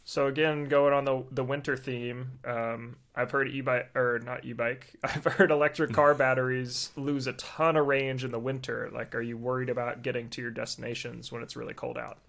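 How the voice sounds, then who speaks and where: Man, podcast co-host, casual chat, relaxed explainer, mid pitch. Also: normal speed, vocal fry, hardly any pauses. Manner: relaxed, explanatory, frequent laughs and fillers.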